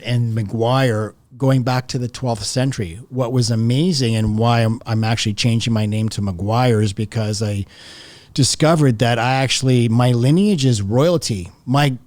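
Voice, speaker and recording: A man's voice: mid-range voice, a little mellow, no room sound. A man in his fifties, a podcast guest telling a personal story in a chatty, laughing way. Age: 50s. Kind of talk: casual storytelling interview.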